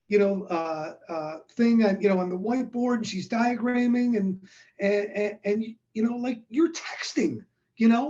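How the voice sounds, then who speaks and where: A man's voice: high voice, highs cut off. A man in his sixties, a guest in an interview, telling a story and acting out the lines of the people in it. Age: 60s. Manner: animated, acts out quoted dialogue.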